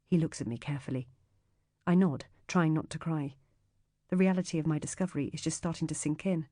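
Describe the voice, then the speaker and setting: A woman narrating a thriller audiobook in the first person, measured and tense. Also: deep voice, mellow, dry recording, studio quality.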